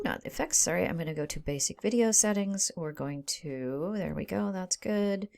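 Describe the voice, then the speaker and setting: A woman instructor talking through a screen-recorded software tutorial, casual and thinking aloud, often checking in with "right?". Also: mid-range voice.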